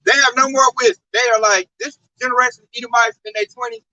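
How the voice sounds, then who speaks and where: Bright-toned guy preaching casual, swears a lot, gets worked up. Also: very high-pitched, fast talker, muffled recording. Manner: animated, profane and preachy. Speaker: religious talk show speaker.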